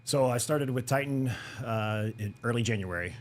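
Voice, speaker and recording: A man's voice: mid-range voice, normal speed, a little hiss or hum. A man being interviewed as a new supervisor, upbeat and agreeable. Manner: upbeat, agreeable, many "yeah"s. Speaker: guest supervisor. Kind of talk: casual interview chat.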